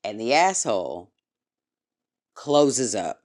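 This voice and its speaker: A man hosting a podcast, casually telling a story in a relaxed, drifting voice with profane asides. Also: mid-range voice, slow pace.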